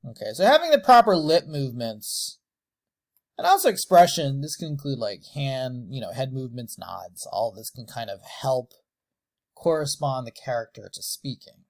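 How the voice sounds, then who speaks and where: A man teaching animation lip sync, slowly and deliberately sounding out letters and words with exaggerated mouth shapes. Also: mid-range voice, very animated. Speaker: animation tutor. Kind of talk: tutorial, demonstrating mouth shapes on camera.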